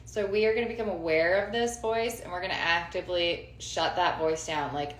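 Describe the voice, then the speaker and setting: A woman's voice: on the low side, fairly even intonation, fairly quick, hardly any pauses. A woman in her forties giving casual self-help advice, emphatic, repeating key phrases and checking for agreement. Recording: roomy sound with faint noise.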